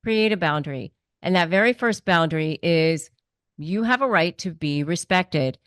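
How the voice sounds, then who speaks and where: A woman's voice: lowish voice, expressive, moderate pace, no echo, clean studio sound. A woman hosting an advice interview, speaking emphatically and repeating her key points. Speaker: host.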